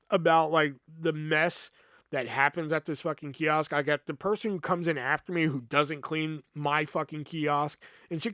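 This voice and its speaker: A man's voice: on the high side, fairly even intonation, moderate pace, fairly bright tone, dry recording, studio quality. A man hosting a podcast, telling a personal work story in a heated, profane way, full of fillers. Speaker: podcast host.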